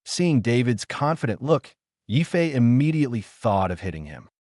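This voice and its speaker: A man reading an audiobook in a steady scripted narration, lifting his voice slightly for quoted lines. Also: mid-range voice, moderate pace, no echo, clean studio sound.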